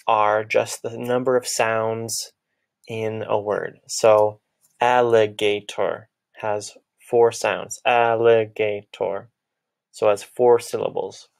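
Slow, gravelly-voiced male music teacher. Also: mid-range voice. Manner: slow, patient, clapping and chanting syllables. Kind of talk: children's music lesson.

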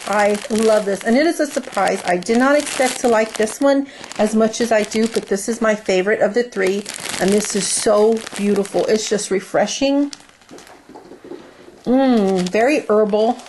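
A woman's voice: fairly high pitch, darkish tone, a little hiss or hum. A woman casually reviewing a haul of beauty products, gushing and dreamy as she smells each one and lingers over her words.

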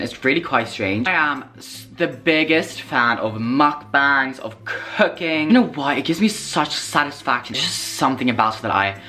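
A young man with a British accent talking in a casual vlog, excitable, dramatic and sassy, swearing freely. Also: mid-range voice, moderate pace, hardly any pauses. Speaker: vlogger. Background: background music.

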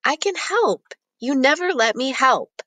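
A woman's voice: high-pitched, expressive, measured pace, a bit bright, dry recording, pitched above the performer's own voice, exaggerated voice. A woman voicing a small, sick, stubborn boy who speaks in a pleading, insistent way in an audiobook. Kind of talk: audiobook character voice.

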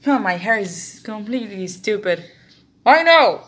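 A woman's voice: mid-range voice, expressive, measured pace, fairly bright tone. A young woman with a Brazilian accent, a native Portuguese speaker, vlogging casually and coaxing her pets with affectionate baby talk.

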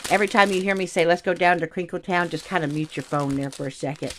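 A woman chatting excitedly to viewers while unboxing craft kits, calling them y'all. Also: lowish voice, fast talker, slight background noise. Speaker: craft channel host. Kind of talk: casual unboxing chat. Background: crinkling bags.

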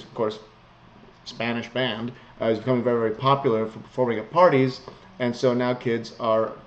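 A man's voice: mid-range voice, slight background noise. Guy going thru old news, blunt and sarcastic, kinda muffled lo-fi audio. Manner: sarcastic, blunt, chuckles often. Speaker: vlogger reading news. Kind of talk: casual news commentary. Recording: slightly muffled lo-fi home recording.

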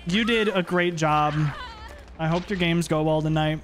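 A man livestreaming a game, chatting playfully and yelling at what happens on screen. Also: fairly high pitch, moderate pace, noisy background. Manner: animated, playful, yells at the game. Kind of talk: live gameplay commentary.

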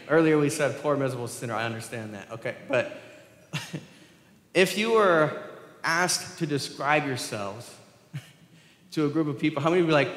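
A male pastor delivers a sermon in a relaxed, conversational way, tossing questions to the congregation and chuckling between points. His voice sits in a middle register. The sound carries a long, roomy reverb from the church hall. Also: mid-range voice, normal speed. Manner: conversational, asks the congregation questions, laughs often. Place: church sanctuary.

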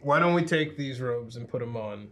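A man's voice: medium pitch, animated, moderate pace, a bit bright. A man playing in a tabletop game, casually suggesting plans to the group. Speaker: player.

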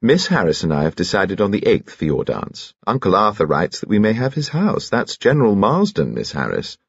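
A man voicing a tired, anxious society lady who speaks softly and wearily. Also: on the low side, huge pitch swings, moderate pace, gravelly, slightly rough, no echo, highs cut off, pitched above the performer's own voice, full character voice. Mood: fussing.

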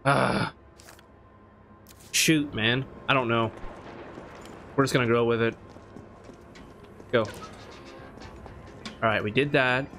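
A man narrating his own horror game run, muttering plans and then shouting in panic when chased. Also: medium pitch, steady tone, very slow, vocal fry, pauses often, soft background music. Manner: swings from mumbled planning to panicked yelling. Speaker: gaming YouTuber. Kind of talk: let's play commentary.

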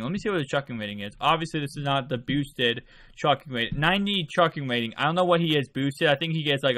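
A man who just woke up and is still sleepy, hosting his video game channel with rambling, casual gameplay commentary and sudden excited outbursts. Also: on the high side.

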